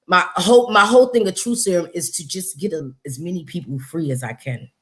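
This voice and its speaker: Woman hosting a livestream, lively and emphatic, laughs a lot. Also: fairly low pitch, a little fast. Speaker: host and interviewer. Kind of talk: casual livestream chat.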